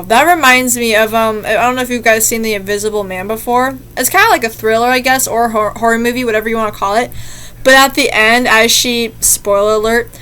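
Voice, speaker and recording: A woman's voice: a little high, sharp tone. A young woman reading short scary stories and chatting between them in a rambling, easily spooked way. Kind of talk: casual reaction commentary.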